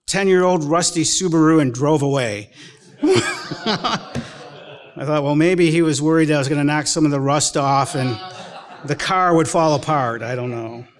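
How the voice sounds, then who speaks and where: A man preaching a sermon as pastor, telling folksy stories with chuckles and acting out the people in them. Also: on the high side. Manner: folksy storytelling with chuckles and acted-out quotes. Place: church sanctuary.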